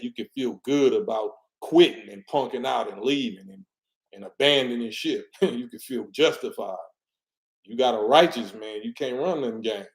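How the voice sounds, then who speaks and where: A middle-aged man with a medium-pitched voice, talking at normal speed, delivers an emphatic, preachy street-talk monologue with a roomy echo. He commentates as he goes, repeating his own words.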